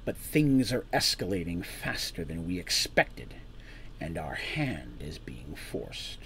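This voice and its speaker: A man voicing a cold, emotionless male assassin who speaks flatly and coolly, with a threatening edge. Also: low-pitched, vocal fry, a little hiss or hum, voice pushed down, heavily acted. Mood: cold, menacing. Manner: flat, cool, unhurried delivery with a threatening edge.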